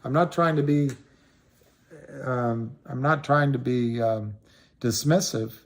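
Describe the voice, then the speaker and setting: A man's voice: mid-range voice, takes it slowly. A middle-aged man hosting a casual livestream, rambling and repeating himself for emphasis, his voice climbing when he gets worked up. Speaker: livestream host talking stocks. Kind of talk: casual livestream talk answering viewers.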